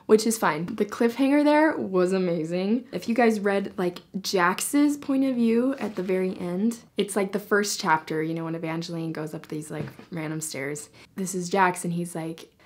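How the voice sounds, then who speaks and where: A young woman excitedly reviewing a novel in a casual vlog, gushing and peppering her talk with "like". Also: lowish voice, moderate pace, hardly any pauses. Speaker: book reviewer.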